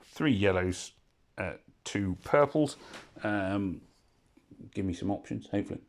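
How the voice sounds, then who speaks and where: Guy with a lowish voice rambling thru his game, keeps wandering off topic and fixing himself. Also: animated, a little slow. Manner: rambling, digressive and self-correcting. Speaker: mobile game player commentating. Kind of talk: casual gameplay commentary.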